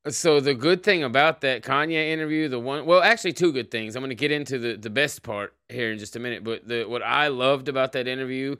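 A man hosting a loose livestream chat show, talking in a rambling, profane, offhand way. His voice is smooth and clear, sits at an ordinary middle pitch, and is recorded close and dry with no room sound. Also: a little fast, few pauses, bright, forceful tone, no echo. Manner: profane, rambling, greets chatters by name. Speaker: podcast host.

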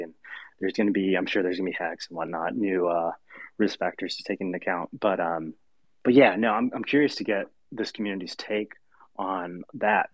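Deep-voiced man, hesitant, dull dry sound. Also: no room sound. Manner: hesitant, many fillers. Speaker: speaker in a live chat. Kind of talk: casual live audio chat. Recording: dull dry remote audio.

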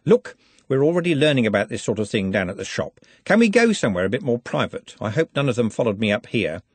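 A man's voice: medium pitch, big pitch swings, fast talker, husky, dry recording. A man reading aloud, voicing a sly, hard-drinking man who makes sardonic wisecracks. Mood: cheeky. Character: sly thirsty man, fashion hanger-on.

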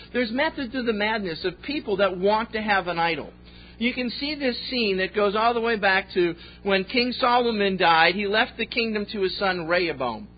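A man pastor preaching a sermon with folksy storytelling and jokes, on a slightly dull recording. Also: sits high.

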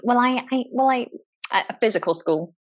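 A woman who teaches English, a guest in a relaxed interview, talking thoughtfully and often restarting her sentences. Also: a little high, normal speed. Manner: thoughtful, frequent restarts and repeated words. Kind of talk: casual conversational interview.

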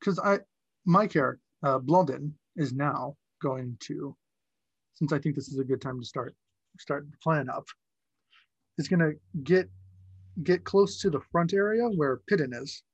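A man's voice: on the high side, unhurried, breathy edge, dry recording, lo-fi sound. A man playing a tabletop game, talking hesitantly and restarting often. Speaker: player. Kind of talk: casual tabletop game play.

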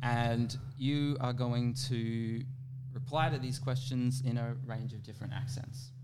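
A man's voice: medium pitch, fairly even intonation, measured pace, background noise. A man hosting a comedy game, explaining the rules and calling out prompts. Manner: organizing, calls out prompts. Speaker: podcast host.

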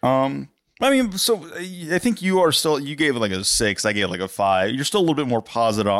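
Man, podcast co-host, casual chat, rambling, hedging, clear smooth voice, dry close mic. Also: medium pitch, lively intonation, fast, no room sound. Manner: rambling, full of "like" and restarts.

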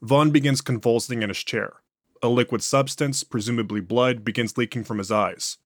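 A man giving scripted horror narration in a plain, even delivery. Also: mid-range voice, moderate pace, no echo, studio quality.

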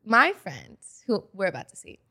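A woman's voice: medium pitch, big pitch swings, normal speed, sharp tone. A young woman hosting a casual podcast chat, bubbly and gushing, talking chattily with lots of "like". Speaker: podcast host.

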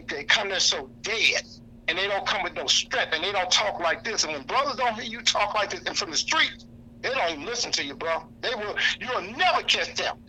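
A man speaking in a fiery, preacherly way to a lunch crowd, his voice pitched high and cutting with a very sharp, bright edge. He talks bluntly, hammers points home by repeating them, and cites scripture chapter and verse. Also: a little hiss or hum, poor audio. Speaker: activist speaker. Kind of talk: impassioned speech to a lunch audience. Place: indoor lunch gathering.

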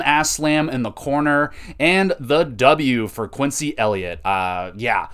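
Excitable, foul-mouthed young man reviewing. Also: mid-range voice, slow pace, hardly any pauses, smooth. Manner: excitable, profane, enthusiastic. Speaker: podcast host reviewing wrestling. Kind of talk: casual review chat.

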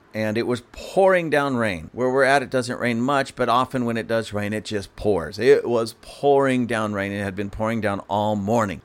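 A middle-aged man, a channel host, telling a personal story in a casual, animated way and chuckling now and then. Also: on the low side.

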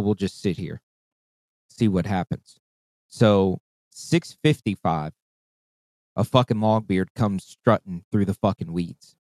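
With a voice on the low side and no echo, a man casually relates a long hunting tale. Expect a lot of cursing, plenty of energy, and acted-out voices and calls.

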